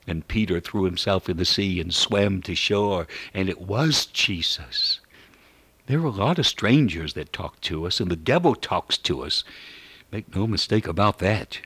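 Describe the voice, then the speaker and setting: A man preaching a sermon in an earnest, measured way, reciting scripture as he goes. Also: on the low side, a bit bright, breathy edge, dry recording.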